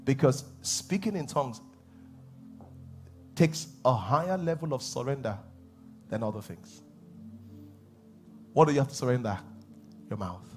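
A man preaching a sermon as pastor, animated, laughing and acting out voices. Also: mid-range voice, unhurried, long pauses, faint music behind. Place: church hall.

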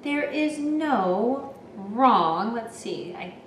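A woman's voice: a little high, animated, extremely slow, fairly bright tone, a little hiss or hum. A woman teacher reading a picture book aloud and explaining it to children. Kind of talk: children's read-aloud lesson. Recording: roomy, from a distance.

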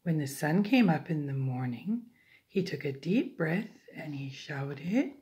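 An older woman, a grandmother, reading a picture book aloud to a small child, gentle, with whispered asides. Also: sits low, expressive, a little slow.

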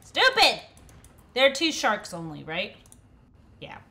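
A woman hosting a casual gaming session, excitable and quick to shriek at the screen. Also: fairly high pitch. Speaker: gaming channel host. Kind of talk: casual game chat. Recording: background noise and mouse clicks.

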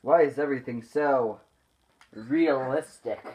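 A man's voice: medium pitch, unhurried, darkish tone, rough recording. A man hosting a gameplay video, commenting casually in a goofy, joking, self-mocking way. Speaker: gaming channel host.

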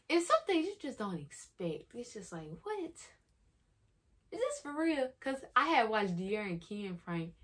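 A young woman vlogging in a chatty, casual way, retelling what happened and quoting herself as she goes. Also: lowish voice. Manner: chatty, retells moments with "I'm like" quotes. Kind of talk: casual storytelling vlog.

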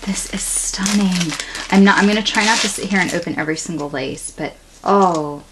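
A woman's voice: on the low side, quick pace, background noise. Breathless gushing woman vlogger. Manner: breathless, gushing, drops to whispers. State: shaking with excitement. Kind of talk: excited unboxing vlog. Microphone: camera on tripod.

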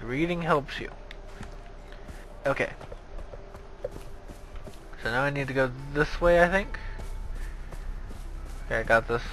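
A young man playing a video game and commenting in a sarcastic, excitable, self-mocking way. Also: a little high, slight background noise, poor audio. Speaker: gaming video host. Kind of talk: let's play commentary.

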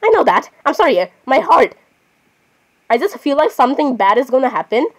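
A woman gamer talks through her play in casual running commentary. Her voice sits fairly high, and she gets excitable, keeps saying sorry and chats to herself as she goes. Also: fairly quick.

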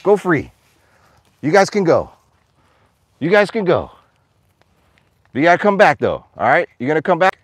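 A man livestreaming from his farm, chatting with viewers and calling to his animals in a high voice, a little out of breath. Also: very animated, normal speed, long pauses, no room sound, clean studio sound. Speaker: vlogger, farm owner. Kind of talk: casual livestream vlog. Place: outdoors on a farm.

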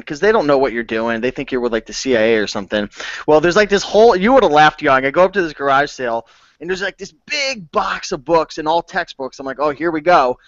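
A man who is a guest on a casual chat show, telling stories in an animated way over a video call. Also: a little high, dry recording. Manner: quick, animated storytelling. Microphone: video call webcam. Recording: dry, dull webcam audio.

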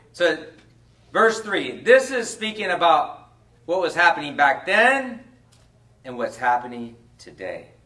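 A man preaching as a pastor in a conversational storytelling way, sometimes dropping quiet and slow. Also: mid-range voice, recorded from a distance. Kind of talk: sermon. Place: church.

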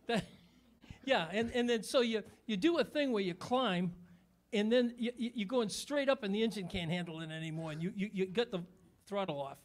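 A man's voice: sits high, moderate pace. An older man from New England, a guest musician and entertainer, chatting easily in an interview and chuckling as he rambles through his stories. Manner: easygoing, rambling, chuckles between lines. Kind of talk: casual interview chat.

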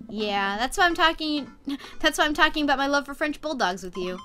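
A woman voicing a sarcastic teenage girl who dodges serious talk with jokes, reading it in her own high, bright voice. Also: lively intonation, brisk, faint music behind. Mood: joking. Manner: teasing, deflecting with jokes.

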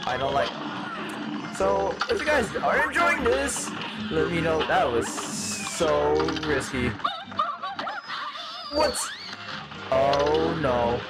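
A man playing a demon hedgehog doing let's-play commentary, panicky and yelping, over loud game music. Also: on the high side, animated, slow pace, long pauses, poor audio. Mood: frantic. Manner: panicky, yelps and repeats himself. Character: psychotic demon hedgehog, male, gaming. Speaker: gamer.

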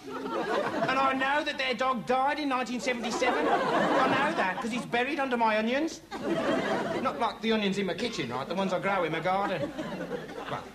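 A dim rambling would-be investigator. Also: male voice, high voice, animated, fast, over a noisy crowd. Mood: earnest rambling. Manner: meandering, earnest, full of 'like' and 'right'. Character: dim rambling young man playing a self-styled investigator. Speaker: comic investigator character. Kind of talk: rambling comic monologue to camera. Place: TV studio before a live audience. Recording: TV studio with audience laughter and noise.

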